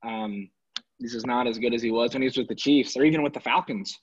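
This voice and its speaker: A man ranting casually and sarcastically about his football team, exasperated and animated. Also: medium pitch, fast, husky. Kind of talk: casual sports rant. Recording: dull lo-fi recording.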